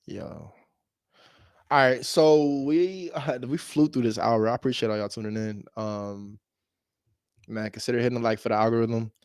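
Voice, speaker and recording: Fast-talking man on cold calls. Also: medium pitch, fairly even intonation, a little mellow, clear, resonant tone, dry recording. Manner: fast talker who makes a point of pausing on calls. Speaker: real estate wholesaler. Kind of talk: casual vlog chat between cold calls. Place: at home with his dog nearby.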